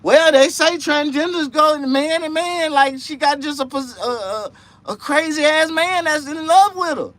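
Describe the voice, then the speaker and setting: A man hosting a casual livestream chat, rambling and profane, dropping to low mutters and jumping to high excited outbursts. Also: a little slow. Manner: profane, rambling street talk. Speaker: livestream host.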